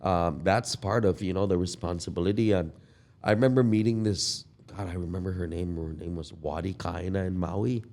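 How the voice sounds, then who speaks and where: An older man from Guam, a guest musician, telling stories in a relaxed podcast conversation. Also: sits low, creaky. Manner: relaxed, reminiscing, drawn-out storytelling.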